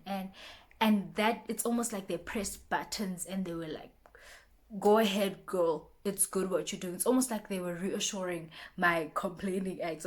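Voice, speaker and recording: A young woman with a mid-range voice vlogs a casual, chatty motivational talk, often repeating herself and restarting, and acts out her friends' lines in lively bursts.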